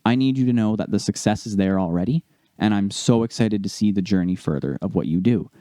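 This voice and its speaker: A young man co-hosts a casual podcast and tells a personal story in an animated way, acting out each person he quotes. His voice is low-pitched and mellow, recorded dry and close to the mic. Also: fairly quick, dry recording. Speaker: podcast co-host.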